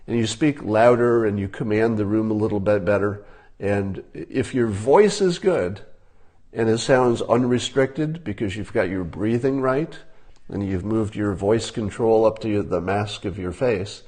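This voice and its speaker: Older man giving relaxed spoken advice. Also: on the low side, measured pace. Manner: relaxed, conversational, demonstrating examples. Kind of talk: casual advice monologue.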